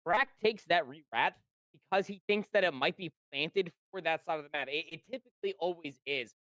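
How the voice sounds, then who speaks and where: A man's voice: a little high, a little fast, a bit bright, no room sound. A man giving live esports color commentary, chatty and rambling, with lots of fillers as he breaks down plays. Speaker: esports caster.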